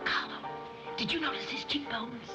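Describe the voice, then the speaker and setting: An actress playing a scatterbrained wealthy society matron who chatters in a dithery, rambling way, in a 1930s film comedy. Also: female voice, sits high, normal speed, natural voice. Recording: scratchy 1930s film soundtrack with music.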